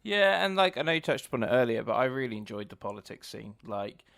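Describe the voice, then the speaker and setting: A man's voice: mid-range voice, sing-song, fast, creaky, a bit bright, no room sound, studio quality. A tired man co-hosting a podcast from home in a casual discussion, hesitant and apologetic, stopping and restarting his sentences. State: sleepy, yawning. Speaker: podcast co-host. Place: home recording in Australia.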